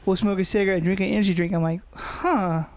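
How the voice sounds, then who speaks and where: A man's voice: high-pitched, fairly even intonation, racing, a little mellow. A man co-hosting a podcast in casual chat, rambling and swearing freely. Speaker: podcast co-host.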